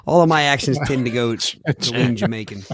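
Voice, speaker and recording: A man's voice: mid-range voice, fairly quick, fairly bright tone, no room sound, studio quality. A man co-hosting a podcast, joking and self-deprecating, often restarting his sentences. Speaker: podcast co-host. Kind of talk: casual podcast banter.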